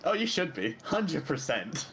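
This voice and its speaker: A male player in a casual tabletop game, joking his way through his turns. He talks slowly with a lot of movement in his pitch, over a faint background noise. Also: sing-song, a bit bright. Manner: playful, joking, laughs between lines.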